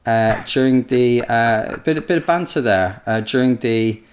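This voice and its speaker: A man with a mid-range voice chats casually as a podcast co-host. He is a historian who talks things through loosely and brings anecdotes to life with lively impressions. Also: mid-range voice, a little slow. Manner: chatty, storytelling, animated impressions.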